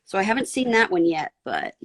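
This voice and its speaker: A woman's voice: mid-range voice, very animated, brisk. Chatty woman voice actor from San Diego. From San Diego, USA. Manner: chatty, many "like" fillers. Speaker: voice actor guest. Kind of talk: casual podcast chat.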